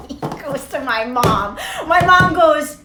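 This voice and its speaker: A woman's voice: high-pitched, animated, takes it slowly, echoey room, very noisy. A woman doing a casual tarot reading vlog, talking in a rambling, profane and laughing way. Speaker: tarot reader.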